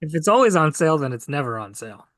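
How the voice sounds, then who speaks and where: A man's voice: fairly high pitch, very animated, quick pace, a bit bright, dry recording. A man with a slightly raised voice makes dry wisecracks as a podcast co-host. The sound is dry and close to the mic. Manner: dry wisecracks, reads ad-like copy aloud. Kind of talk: casual podcast chat.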